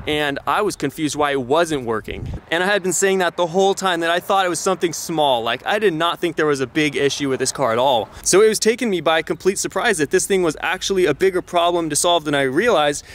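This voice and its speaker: A young man chatting casually to his camera outdoors, rambling and quick to laugh as he explains a car repair. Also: a little high, background noise. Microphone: camera on a tripod.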